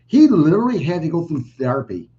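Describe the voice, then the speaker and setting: Fairly high-voiced podcast host, dull audio. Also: male voice, very animated, quick pace, dark tone. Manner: chatty, long winding questions. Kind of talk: podcast interview questions.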